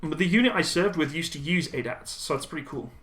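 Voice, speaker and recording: A young man casually reading and answering viewer chat on a live stream, relaxed and chatty with frequent ums and laughs. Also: a little high, fairly quick, faint music behind.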